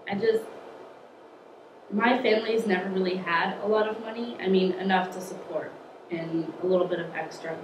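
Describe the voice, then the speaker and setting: Young woman answering plainly from afar. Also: fairly low pitch. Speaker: interviewee. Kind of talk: casual interview answers. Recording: distant, echoey, with clear noise.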